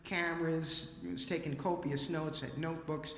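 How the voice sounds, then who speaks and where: A man telling a story on stage at a library event, lively and casual, acting out the dialogue. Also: a little high, moderate pace, slight background noise. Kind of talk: animated live storytelling. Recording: roomy hall with long reverb.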